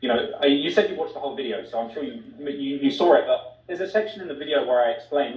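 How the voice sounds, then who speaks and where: A man at a middle pitch, heard from a distance in a roomy space. He talks in a measured, explanatory way, defending himself. The audio is dull and muffled, like a played-back clip. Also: darkish tone. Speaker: YouTube documentary creator in a debate clip. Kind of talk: debate argument.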